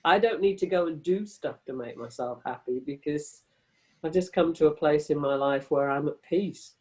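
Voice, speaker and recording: A woman's voice: sits low, normal speed, dark tone, poor audio. Frank, rambling older woman. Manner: frank, rambling, swears freely. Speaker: interview guest. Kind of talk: casual video-call conversation. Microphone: video call.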